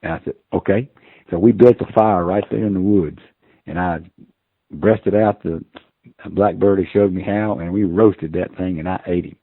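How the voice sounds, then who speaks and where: A man's voice: deep voice, steady tone, moderate pace, no echo. A man in his sixties, a podcast guest, telling rambling folksy stories with many fillers. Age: 60s. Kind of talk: casual storytelling. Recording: tinny phone-like line.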